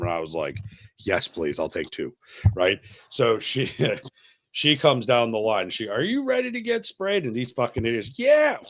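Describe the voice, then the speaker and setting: Man, low voice, podcast host, crude and profane, animated storyteller. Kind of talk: casual storytelling chat.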